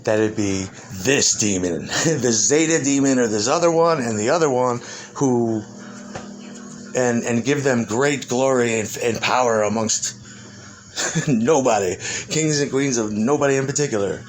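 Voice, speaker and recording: A man's voice: mid-range voice, measured pace, a little hiss or hum. A man rambling through an improvised monologue in the persona of an ancient demon. He swears constantly, laughs between phrases and keeps restarting his sentences. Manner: profane, laughs often, restarts and trails off.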